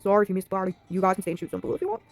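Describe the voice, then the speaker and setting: A woman voicing a middle-aged male bar owner, gruff but easygoing, in a story game. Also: medium pitch, very animated, rapid-fire, pitched below the performer's own voice.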